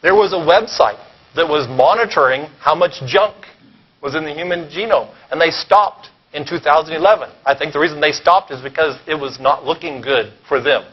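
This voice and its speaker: A man giving a keynote lecture at a conference, animated and sarcastic, often pausing to check in with the audience. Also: fairly high pitch, slightly rough. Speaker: keynote speaker. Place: conference hall. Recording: dull lo-fi recording.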